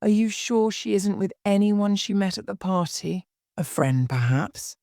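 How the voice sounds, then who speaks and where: A woman reading the part of a serious, calm male police inspector who asks steady, polite questions in a graded story reading. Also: medium pitch, unhurried, vocal fry, no echo, clean studio sound, voice pushed up.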